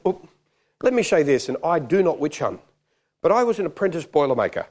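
Male preacher, middle-aged, animated storyteller, voice rises and falls a lot. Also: on the high side, fairly quick. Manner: animated, acts out quoted voices. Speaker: pastor. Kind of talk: sermon with storytelling.

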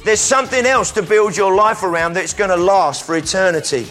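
A man preaching an energetic sermon in church, calling volunteers up and sometimes breaking into shouts. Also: sits high, a little fast, soft background music. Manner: energetic, calls out to the crowd, bursts into shouts.

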